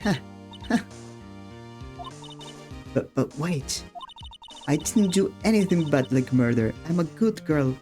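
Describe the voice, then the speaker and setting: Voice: lively intonation, slow, pauses often, warm tone. A streamer voicing a sly, dramatic young woman witness, acting coy and theatrical while reading game dialogue aloud, with faint game music behind. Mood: defensive. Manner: coy and theatrical, turning shrill when cornered.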